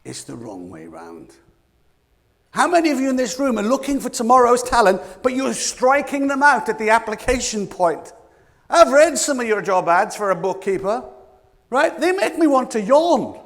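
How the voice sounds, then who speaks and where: A British man delivers a keynote on leadership to a roomful of listeners, his voice sitting high for a man. He talks in an animated way, quizzing the audience and playing out little scenes. A long reverb trails each phrase, as in a large hall. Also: normal speed. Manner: animated, asks the audience questions, acts out quotes. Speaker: leadership coaching speaker. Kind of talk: keynote talk to a live audience. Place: conference room with an audience.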